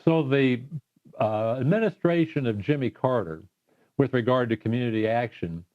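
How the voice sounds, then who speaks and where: An older man recounting past events in a measured way during an oral history interview. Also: medium pitch. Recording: muffled lo-fi recording.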